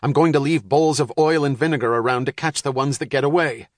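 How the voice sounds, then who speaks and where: An excitable middle-aged father who talks in a brisk, sarcastic way, put on by an audiobook narrator. He pushes his lines with impatience. The sound is dry, with no room. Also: medium pitch, no echo, voice pushed up, lightly acted. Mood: brusque.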